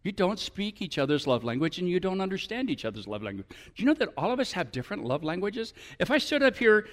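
High-voiced male pastor preaching. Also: quick pace. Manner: animated, rising to emphatic appeals. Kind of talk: sermon.

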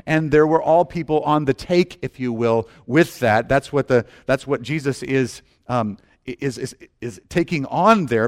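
Middle-aged guy giving a sermon, kinda high voice, tells it lively, trips over his words a lot. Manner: animated storytelling with frequent restarts. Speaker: pastor.

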